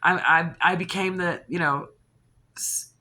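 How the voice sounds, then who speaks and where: A woman talks straight to the camera and spins a personal story in a loose, rambling way. Her voice is bright and sharp, and it stays lively as she restarts sentences and catches her breath between thoughts. It sounds like a casual video diary. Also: on the low side, measured pace. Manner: animated and rambling, with restarts, gasps and laughs. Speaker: channel host.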